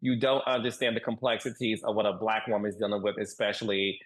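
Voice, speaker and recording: A man talking as a guest on a podcast interview, emphatic and animated, repeating points for stress. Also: lowish voice, fast, low-quality recording. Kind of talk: casual interview chat.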